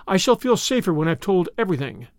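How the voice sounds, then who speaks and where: A man voicing a frightened young woman who speaks quietly and anxiously in an audiobook reading. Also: sits high, very animated, quick pace, no room sound. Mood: earnest.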